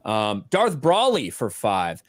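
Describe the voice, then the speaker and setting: A man's voice: on the low side, huge pitch swings, slow pace, no room sound, clean studio sound. A man hosting a casual livestream, reading viewers' donated messages aloud and swearing casually. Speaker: host reading super chats.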